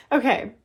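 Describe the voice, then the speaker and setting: A woman in her thirties chatting casually through a book unboxing, gushing with frequent quick laughs. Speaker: book vlogger.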